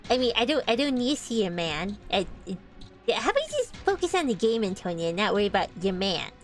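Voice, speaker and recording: A woman's voice: medium pitch, sing-song, fast talker, soft background music, natural voice. A woman voicing a teasing, exasperated female roommate who nags and pokes fun during a game stream.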